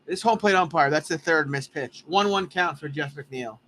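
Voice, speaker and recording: Excitable young man calling a ballgame. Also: on the high side, moderate pace, slight background noise. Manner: blunt, profane, excitable. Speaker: fan livestream commentator. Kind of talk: casual play-by-play commentary. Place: ballpark stands.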